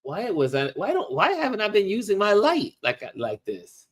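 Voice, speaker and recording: A middle-aged man hosting a casual livestream, musing warmly to viewers as he shows photos. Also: high voice, wildly swooping pitch. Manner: slow, musing, talks to viewers while showing photos. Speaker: livestream host.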